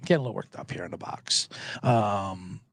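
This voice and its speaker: A man's voice: deep voice, normal speed, vocal fry, no echo, clean studio sound. A man hosting a sports betting podcast, ranting in a casual monologue, swearing and acting out voices as he quotes people.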